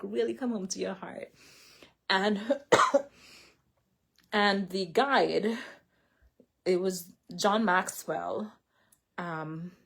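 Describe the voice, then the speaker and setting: Husky slow-talking woman, rambling. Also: mid-range voice. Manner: rambling, full of "like" and self-corrections, laughs often. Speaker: vlogger sharing a faith and healing story. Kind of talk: casual spoken testimony. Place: indoors, seated in a chair. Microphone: camera.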